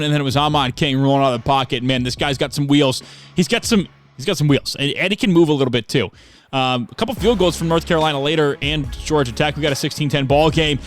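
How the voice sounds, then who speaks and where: Excitable young man calling game highlights. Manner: excitable, bursts into shouts on big plays. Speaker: video game dynasty commentator. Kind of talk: excited play-by-play commentary.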